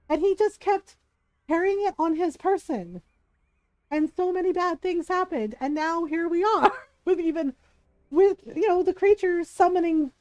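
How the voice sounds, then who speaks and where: A woman with a high, bright-pitched voice chats through a game stream, animated and quick to laugh as she tells her stories. The sound is close and dry, with hardly any room around it. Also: no echo, muffled recording. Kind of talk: casual gameplay commentary and storytelling.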